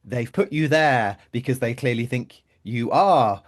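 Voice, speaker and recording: A man co-hosting a podcast in casual chat, playful and quick to laugh. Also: medium pitch. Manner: animated, laughs often, playful asides. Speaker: podcast co-host.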